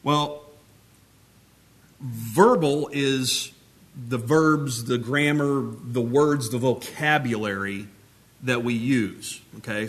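A man's voice: mid-range voice, fairly bright tone. Man preaching a conversational teaching sermon. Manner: conversational, talks with his hands, many restarts.

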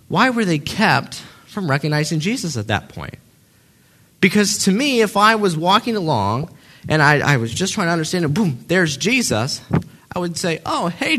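Animated man teaching a Bible passage. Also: on the high side. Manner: conversational, many fillers and restarts, acts out quotes.

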